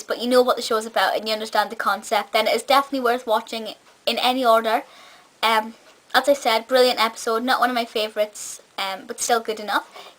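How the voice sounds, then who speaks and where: A woman's voice: on the high side, a bit bright. A woman with a part-Scottish accent giving a casual, enthusiastic review vlog, chatty with frequent fillers and restarts. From Scotland. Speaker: film reviewer.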